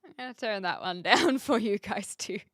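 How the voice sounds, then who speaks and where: A woman's voice: mid-range voice, normal speed, a bit bright, no room sound, studio quality. A woman hosting a livestream, chatting casually with viewers in a rambling way, full of fillers and little laughs. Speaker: livestream host.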